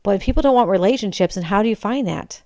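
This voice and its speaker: A woman's voice: mid-range voice, animated, fast, mellow, dry recording, studio quality. A woman hosting her own podcast, talking in a candid, frustrated, confessional way, emotionally raw. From Michigan, USA. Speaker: podcast host. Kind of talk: casual personal monologue.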